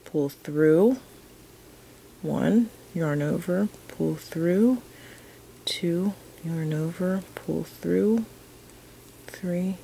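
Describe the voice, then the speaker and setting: Slow, gravelly-voiced woman teaching crochet. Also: on the low side, slight background noise, poor audio. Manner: chatty, counting stitches softly as she works. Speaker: crochet instructor. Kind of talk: casual tutorial.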